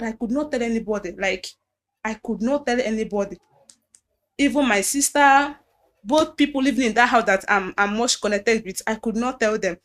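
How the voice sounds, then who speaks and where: A woman with a Nigerian accent giving a personal testimony in an earnest, halting way, often repeating phrases and restarting. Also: a little high. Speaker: guest recounting abuse.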